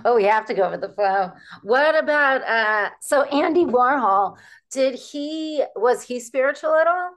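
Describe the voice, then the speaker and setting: A woman's voice: sits high, expressive, a little slow. A woman interviewing a guest in casual chat, playful and friendly.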